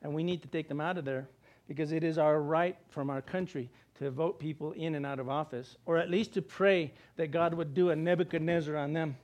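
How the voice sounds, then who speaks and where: An older man preaching a sermon as pastor, animated, asking rhetorical questions and acting out the quotes. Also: on the high side, brisk.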